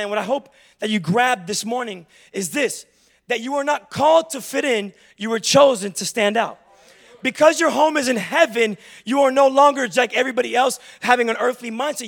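A man's voice: very high-pitched, creaky, fairly bright tone. A young adult man preaching a sermon in church, telling funny, confessional stories to make his point. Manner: humorous, confessional storytelling. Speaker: pastor.

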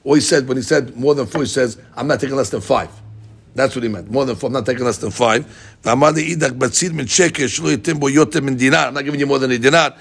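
A man teaching a class on a text. He explains it in an animated way, acts out the people he quotes and often repeats his words. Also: medium pitch, quick pace, vocal fry, slightly rough.

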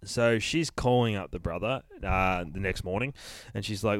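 A man's voice: on the low side, normal speed, no room sound. A man casually retelling a horror comic as a reviewer, in a loose, sweary, rambling way full of fillers.

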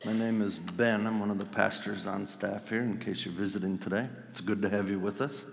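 A man with a fairly low voice preaching a sermon in a church. He speaks conversationally and playfully, slowing down and stressing the key phrases. His voice rings with a long hall reverb. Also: fairly even intonation, vocal fry. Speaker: pastor. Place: church sanctuary.

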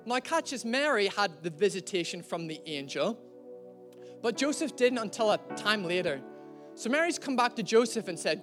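A man preaching a sermon in a conversational, storytelling way, slowing down to stress key lines. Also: high voice, lively intonation, fairly bright tone, faint music behind.

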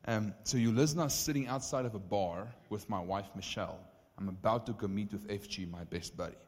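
South African preacher telling a story. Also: male voice, lowish voice, brisk, in a large hall. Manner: casual, animated storytelling with frequent "like" and "right?". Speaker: pastor. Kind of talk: storytelling sermon.

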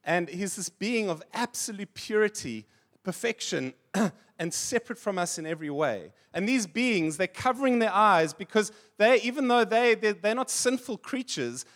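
High-voiced man preaching. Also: fairly bright tone. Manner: conversational preaching, tells funny anecdotes and laughs. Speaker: pastor. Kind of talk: sermon.

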